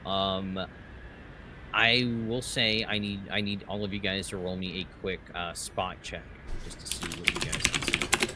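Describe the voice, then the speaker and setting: A man running a tabletop game as game master, narrating scenes slowly with fillers. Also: deep voice, steady tone. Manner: slow descriptive narration with fillers. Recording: clear background noise.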